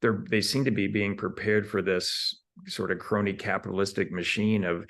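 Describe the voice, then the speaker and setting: A man's voice: lowish voice, fairly even intonation, moderate pace, a bit bright. A man, an entrepreneur being interviewed, who explains his ideas in numbered steps and often repeats words while he thinks. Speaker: entrepreneur guest. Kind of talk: conversational interview.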